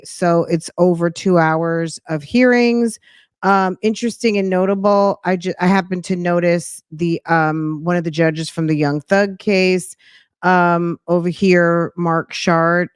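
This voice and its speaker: Chatty woman host, low smooth voice. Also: dry recording, clean studio sound. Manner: chatty, rambling, many ums and restarts. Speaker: commentary channel host. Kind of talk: casual commentary to viewers.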